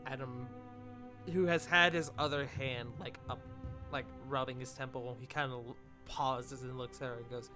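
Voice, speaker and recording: Man game master, loose descriptive narrator, middle pitch, music bed behind. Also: little pitch movement, moderate pace.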